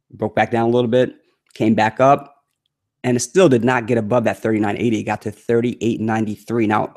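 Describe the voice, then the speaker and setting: Low gravelly man streaming crypto charts. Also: a little mellow. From United States. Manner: chatty, many fillers, reads announcements aloud with annoyance. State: losing his voice. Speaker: crypto trading livestream host. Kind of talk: casual live-stream chart talk.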